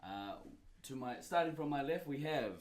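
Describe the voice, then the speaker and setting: A man's voice: a little high, animated, normal speed. A man hosting a casual podcast, laid-back and laughing with the panel, swearing freely. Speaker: podcast host.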